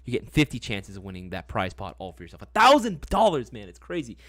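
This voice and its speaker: A man's voice: lowish voice, huge pitch swings, fast, fairly bright tone, no room sound, clean studio sound. A young man hosting a casual live stream, talking in a laid-back, slangy way and often tagging on "right?" and "man". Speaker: livestream host.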